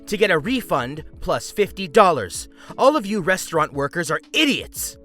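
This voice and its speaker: A man voicing a shrill, furious, entitled woman customer who screams, bullies and interrupts. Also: very animated, normal speed, sharp tone, faint music behind.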